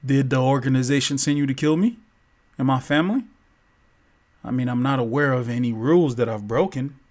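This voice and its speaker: A man voicing a calm, powerful rich man who talks quietly and unbothered, in a told story. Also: mid-range voice, fairly quick, pitched below the performer's own voice, lightly acted.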